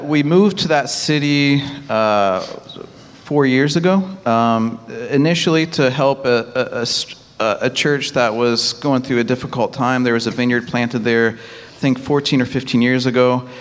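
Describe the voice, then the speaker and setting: With a long reverb from the hall, the recording captures a Texas missionary pastor whose mid-range voice and Texan accent come through as he haltingly recounts his church work. He restarts frequently and laughs readily.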